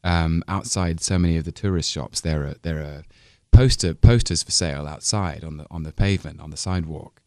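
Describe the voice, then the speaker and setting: A man's voice: a bass voice, brisk, hardly any pauses, warm tone, no echo, clean studio sound. A man in his thirties with an English accent, a guest on a radio interview, speaking in a thoughtful, articulate way with frequent restarts. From England. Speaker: actor guest.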